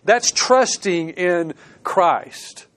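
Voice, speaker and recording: A man preaching a sermon, reading scripture aloud and explaining it, swinging between emphatic rises and quiet conversational asides. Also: high-pitched, animated, drawn-out words. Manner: earnest, reads scripture aloud with plain commentary. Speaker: pastor.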